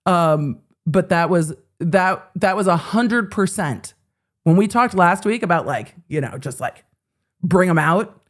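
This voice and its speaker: A woman in her forties hosting a show, telling a story in casual chat, animated, swearing freely and acting out the quotes. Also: on the low side, unhurried. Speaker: host.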